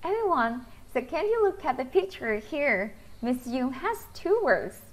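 A woman with a Vietnamese accent teaching English pronunciation to children, slowly drawing out each vowel sound. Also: sits high, big pitch swings, faint music behind. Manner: slow, sing-song teacher talk, drawing out vowel sounds.

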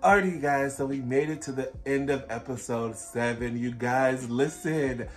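A man hosting a casual reaction video, talking in an excitable, gushing, slangy way. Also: medium pitch, normal speed, faint music behind. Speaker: reaction channel host.

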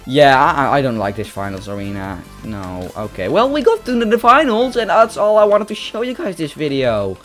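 European guy, gaming commentary, lively up-and-down voice, music under it. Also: fairly high pitch, moderate pace, few pauses. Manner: excitable, talks to opponents and viewers, yelps at kills. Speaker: gaming YouTuber. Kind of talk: live gameplay commentary.

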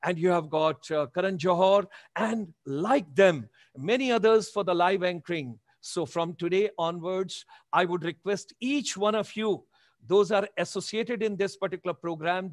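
A man's voice: high voice, normal speed, no echo, studio quality. A man in his seventies with an Indian accent, giving a motivational webinar talk with emphatic, repeated exhortations over a video call. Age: 70s. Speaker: motivational speaker.

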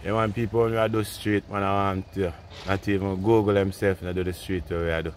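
A man's voice: deep voice, flat delivery, fairly quick, slight background noise. A man with a Jamaican accent chatting casually into his phone while walking a street at night, rambling and laughing in patois. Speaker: vlogger. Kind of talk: casual walking vlog monologue. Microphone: phone carried while walking.

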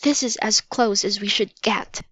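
Woman doing a careful, worried young boy, slow, dry dull sound. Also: medium pitch, steady tone, breathy edge, no echo. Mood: whispering. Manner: worried, hushed. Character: cautious, serious young boy. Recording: dull lo-fi recording.

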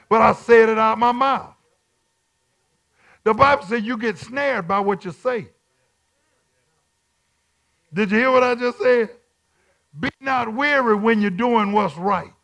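This bishop preaching at Bible study has an extremely high, creaky voice. His lines are repeated in call-and-response, and he shifts from quiet talking to shouting.

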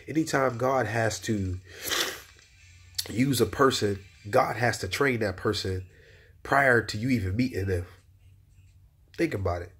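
A man giving a personal testimony of encouragement in a preacher-like way, repeating phrases and rising in pitch when he exhorts. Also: unhurried, long pauses, fairly bright tone, breathy edge.

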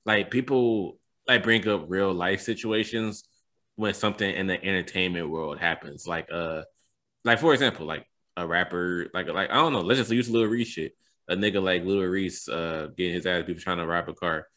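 A man's voice: low-pitched, moderate pace, bright, forceful tone. A man co-hosting a podcast in casual chat, ranting and bursting into laughter. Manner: bursts into laughter, rants with friends. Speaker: podcast co-host.

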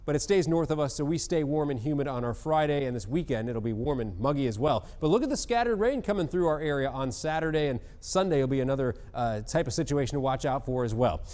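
Fast-talking man doing the weather. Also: mid-range voice, lively intonation, darkish tone. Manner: chatty, laughs easily. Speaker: TV meteorologist. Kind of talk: morning weather forecast and casual chat. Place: TV news studio.

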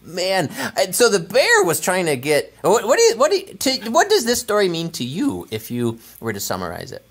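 An enthusiastic woman hosting a children's library show, warmly interviewing a storyteller guest. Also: lowish voice, huge pitch swings, normal speed, hardly any pauses, breathy edge. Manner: enthusiastic and gushing.

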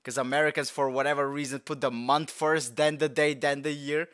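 This young man's voice sits on the high side, brisk and clean in tone. Watching a movie trailer, he rambles in slangy, casual reaction commentary, getting excitable and breaking out in shouts and laughter.

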